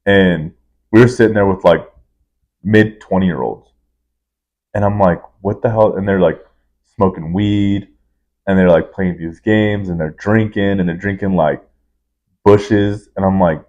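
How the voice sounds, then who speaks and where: A man in his twenties co-hosting a casual podcast, telling stories in a laid-back, drawn-out way. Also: deep voice, steady tone, a little mellow, dull audio. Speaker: podcast co-host. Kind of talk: casual chat.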